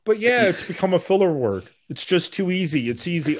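A man with a somewhat higher voice argues his point in relaxed podcast talk. He works his thoughts out as he speaks and often restarts his sentences. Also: brisk. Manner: opinionated, thinks aloud, restarts. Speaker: podcast co-host. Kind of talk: casual chat.

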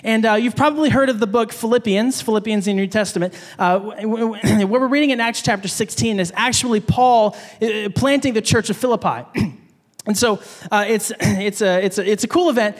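A man's voice: high voice, a little fast, big-room sound. A man giving a casual sermon, with frequent fillers and restarts. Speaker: preacher.

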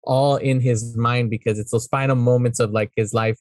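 A man's voice: mid-range voice, steady tone, moderate pace, darkish tone, dry recording. A man co-hosting a casual movie discussion, rambling and swearing freely while he acts out characters' lines.

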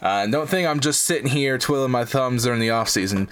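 A man's voice: medium pitch, brisk, a bit bright, smooth. A man hosting a casual podcast, rambling a bit with lots of fillers and restarts. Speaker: podcast host. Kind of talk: casual chat.

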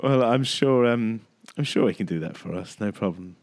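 A man's voice: moderate pace, gravelly. A man hosting a casual radio sports chat, jokey and upbeat. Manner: jokey, upbeat, lively swings in pitch. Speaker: host.

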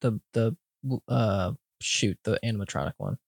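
Gravelly, relaxed podcast co-host man. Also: lowish voice, normal speed, dry recording, clean studio sound. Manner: relaxed, hesitant, short replies. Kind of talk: casual chat.

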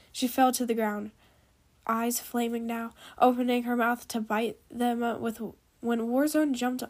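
Woman reading a story, halting delivery. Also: fairly high pitch, darkish tone. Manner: halting, with small restarts. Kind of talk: reading a fan story aloud.

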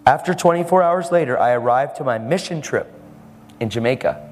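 A man's voice: medium pitch, lively intonation, a little fast, in a large hall. A man preaching a sermon, telling a story and acting out the lines of the people in it.

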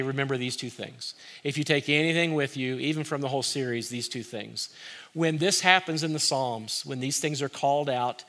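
A man's voice: medium pitch, pushed and bright. A man preaching a sermon as pastor, in an earnest, conversational way that repeats key phrases for emphasis.

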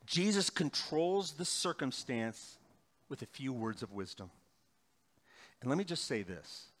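A middle-aged male pastor preaching a sermon, swinging between loud emphatic bursts and quiet, slow passages. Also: mid-range voice, sing-song.

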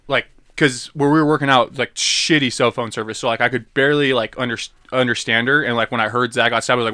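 A young man in casual chat, telling a story in a relaxed way with many likes and dudes. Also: medium pitch, fast, no room sound.

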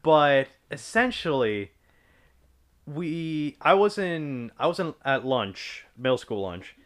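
A man's voice: fairly high pitch, very animated, slow pace. A young man in casual chat, telling a rambling, profane story from his school days.

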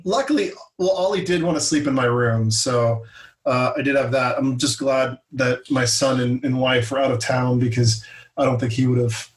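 Chatty podcast host in an echoey room. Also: male voice, mid-range voice, normal speed, far from the mic. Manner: rambling, chatty, hesitant with fillers. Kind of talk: casual chat. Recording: echoey room, a bit off-mic.

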